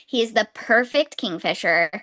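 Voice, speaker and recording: A woman's voice: on the high side, expressive, moderate pace, a bit bright. A young woman co-hosting a casual book podcast, gushing and laughing often as she chats. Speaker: podcast co-host.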